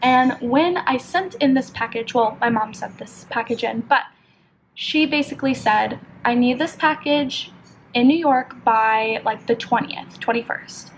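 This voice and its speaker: A young woman from California vlogging as she does her makeup at home. She tells a story in a chatty, animated way, full of "like". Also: a little high, measured pace, a little hiss or hum, rough recording. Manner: chatty, filler-heavy, animated retelling with lots of "like". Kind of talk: casual get-ready-with-me storytelling.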